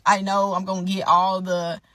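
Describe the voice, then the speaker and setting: A young adult woman telling an emotional storytime monologue, animated and indignant, often turning to her listeners as y'all. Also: medium pitch, normal speed, no room sound.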